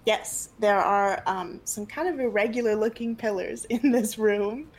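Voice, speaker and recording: A woman's voice: mid-range voice, a little slow, poor audio. A woman running a tabletop game as game master, narrating in a casual way with many fillers.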